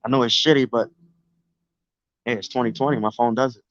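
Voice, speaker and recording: A man's voice: medium pitch, fairly even intonation, brisk, dry recording. A man with a New York accent talks loosely and profanely to his viewers on a casual live stream. He is recorded outdoors on a phone. The sound is dry and a bit dull. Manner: loose, profane street talk. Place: outdoors near the beach.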